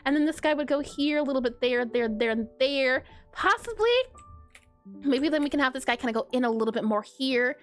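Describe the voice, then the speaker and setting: A woman streamer thinking aloud and chatting in a giggly way while she draws pixel art. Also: high-pitched. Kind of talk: casual live-stream drawing commentary.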